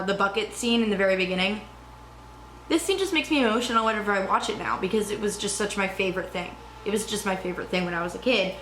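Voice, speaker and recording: A young woman vlogging in a casual, rambling, excitable way, cursing now and then. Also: mid-range voice, roomy sound, slight background noise. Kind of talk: casual chat.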